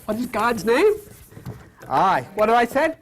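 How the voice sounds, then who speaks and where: A man teaching a Bible lesson like a sermon, with emphatic, repetitive preaching that swings from loud to whispered, often quizzing his listeners. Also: very high voice, very animated, measured pace, slight background noise.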